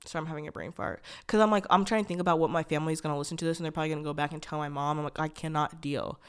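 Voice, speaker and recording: Young woman with a smooth voice. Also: sits low, steady tone, very fast. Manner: rambling, frequent "like" fillers and restarts, blunt and profane. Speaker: podcast host. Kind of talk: candid personal storytelling.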